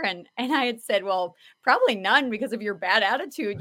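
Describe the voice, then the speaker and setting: A woman podcast host talking casually, telling stories in an earnest, animated way with many fillers. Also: fairly high pitch, moderate pace, hardly any pauses. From South Dakota. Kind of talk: casual conversational talk.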